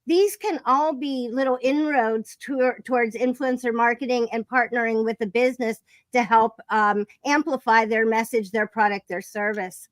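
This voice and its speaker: Effusive higher-voiced woman hosting. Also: steady tone, moderate pace, hardly any pauses, dry recording. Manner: chatty, effusive, many fillers and restarts. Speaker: podcast host. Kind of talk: live-streamed interview chat.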